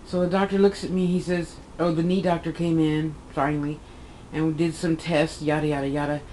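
A woman in her fifties with a lowish voice chats through a long personal story, wandering off track and correcting herself. She plays her own side of conversations with lively bursts. A faint hiss sits under the recording. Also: a little fast, rough recording. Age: 50s. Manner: rambling, chatty, self-correcting, acts out her own quotes. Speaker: vlogger. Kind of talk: casual personal vlog storytelling.

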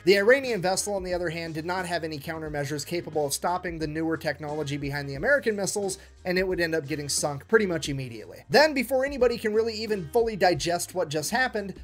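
Profane animated storyteller man. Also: high-pitched. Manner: profane, animated, acts out quotes. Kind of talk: comedic history storytelling.

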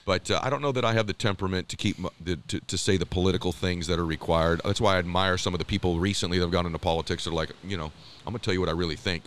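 A man's voice: deep voice, steady tone, racing, a bit bright, a little hiss or hum. A man talking as an interview guest, telling stories in an emphatic, earnest way. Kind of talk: casual conversation.

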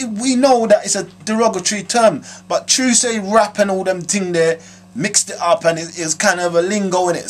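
A man's voice: high voice, moderate pace. Slangy London man giving jokey advice. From South London. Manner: slangy, animated, jokey streetwise patter. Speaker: host answering viewer questions. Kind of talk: comic advice monologue.

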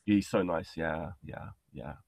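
A man's voice: very deep voice, takes it slowly, vocal fry, a little mellow, dry recording. A man hosting an interview over a video call, chatty and enthusiastic with lots of fillers. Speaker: podcast host. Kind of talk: casual interview chat.

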